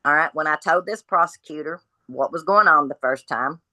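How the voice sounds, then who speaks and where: Lady telling her story straight, blunt, lower voice with a punchy edge, acts out everybody's lines. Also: moderate pace, no room sound, low-quality recording. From Kentucky. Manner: blunt, animated retelling of dialogue. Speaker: guest.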